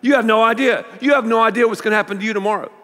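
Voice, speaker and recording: A man preaching a sermon as pastor, with an animated, playful manner. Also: high voice, very fast. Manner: animated, playful, leads the congregation in call-and-response. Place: large church auditorium. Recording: long reverb of a large church hall.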